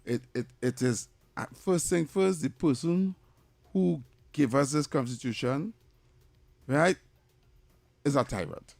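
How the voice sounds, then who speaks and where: A man's voice: a little high, slow, creaky, long pauses, a little mellow, no room sound. An older man with a Trinidadian accent co-hosting a talk radio show, blunt and opinionated, often repeating himself. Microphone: studio mic.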